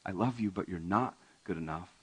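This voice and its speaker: Gentle loving Jesus, as a male pastor puts him on, soft, low, husky. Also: fairly quick, low-quality recording. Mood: tender. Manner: soft, lowered and tender.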